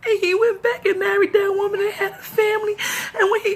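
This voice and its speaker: A woman vlogging a casual, emotional film review, tearful and rambling excitedly as a fan while crying. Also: extremely high pitch, fairly quick. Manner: tearful, talks through sobs and laughs.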